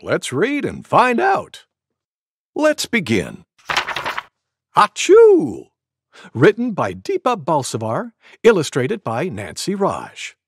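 A man reading a picture book aloud to preschoolers in an expressive, animated way. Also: fairly high pitch, slow pace, breathy edge, dry recording. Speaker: storybook reader for preschoolers. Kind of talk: children's read-aloud.

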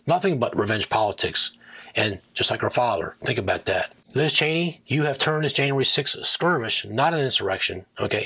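A man's voice: mid-range voice, pushed and bright, husky. A man hosting his own political commentary channel, talking in a combative, digressive rant that keeps circling back on itself. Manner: combative, digressive, self-correcting.

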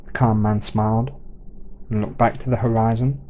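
A man reading a short story aloud in a measured, plain way, in a dull lo-fi recording. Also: lowish voice, level tone, slight background noise. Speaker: narrator.

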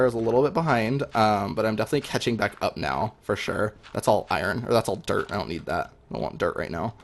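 A young man talking through his game as he plays, chatty and excitable, with lots of ums. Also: lowish voice, quick pace, gravelly. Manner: excitable, chatty, many fillers. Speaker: gaming video host. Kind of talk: live gameplay commentary.

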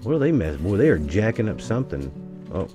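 A man from the US giving casual, rambling gameplay commentary as a gaming YouTuber, swinging between excitement and grumbling. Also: lowish voice, quick pace, music in the background.

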